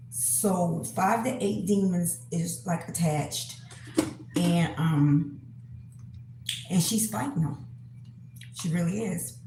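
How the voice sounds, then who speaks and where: A woman talks unhurriedly to her viewers, stopping often, filling gaps with fillers and clearing her throat. Her voice sits a little low. The room around her rings with echo, and a faint hiss of ambience lies underneath. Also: dark tone. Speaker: spiritual reader, channel host. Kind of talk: casual monologue to camera.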